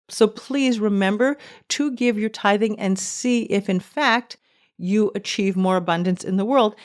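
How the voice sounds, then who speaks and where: A middle-aged woman delivers a podcast monologue in an earnest, emphatic way. She leans into her key points and lifts her voice when she quotes scripture, with a pitch that is neither high nor low. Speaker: podcast host.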